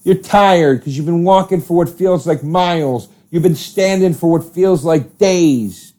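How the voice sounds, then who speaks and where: Guy from south jersey ranting and swearing on his podcast, mellow darker tone, goes loud then mutters. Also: fairly high pitch, measured pace. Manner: profane, ranting, with swings between loud outbursts and muttering. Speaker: podcast host. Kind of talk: casual comedic monologue.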